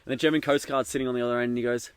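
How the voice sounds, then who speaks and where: Male podcast co-host, mid-pitch, easygoing storyteller who rambles and chuckles outdoors. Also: fairly even intonation, racing, clear, resonant tone, no echo. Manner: rambling, lots of ums and laughs. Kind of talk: casual chat. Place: outdoors in the bush.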